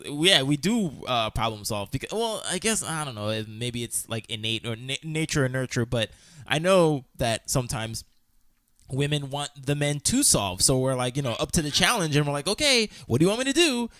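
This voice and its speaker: A man chats casually on a podcast, hesitant and full of restarts. His voice is bright and tense. It is recorded dry and close, with no room sound. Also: mid-range voice, expressive, measured pace, no echo. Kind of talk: casual chat.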